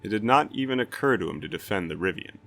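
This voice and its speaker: A man reading a fantasy novel aloud as a storyteller, in steady dramatic narration. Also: fairly low pitch, fast talker, vocal fry.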